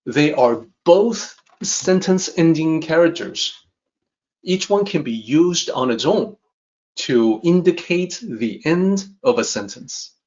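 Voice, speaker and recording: A man explaining an ancient text as a teacher, in a calm, measured lecture that repeats points for emphasis. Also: mid-range voice. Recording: dull, slightly muffled recording.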